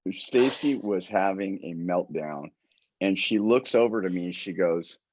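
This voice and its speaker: A man co-hosting a podcast, telling stories in a jokey, drawn-out way in casual chat. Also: deep voice, lively intonation, a little mellow, no room sound, highs cut off. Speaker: podcast co-host, gym staff.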